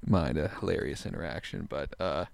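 Relaxed stoned man in his twenties. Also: sits low, creaky, no room sound. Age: 20s. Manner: laid-back, profane, drawn-out storytelling with impressions. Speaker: podcast host telling a story. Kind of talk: casual storytelling chat.

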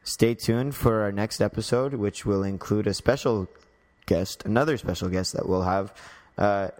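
A young man co-hosting a podcast in casual chat, goofy and deadpan, trying out silly accent impressions. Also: on the low side, moderate pace. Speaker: podcast co-host.

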